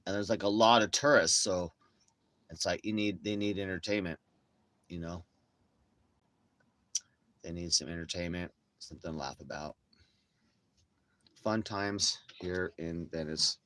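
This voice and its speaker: A man's voice: low voice, measured pace, pauses often, a bit bright, dry recording. A man chatting casually to his viewers, telling rambling, profane stories full of slang. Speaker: streamer.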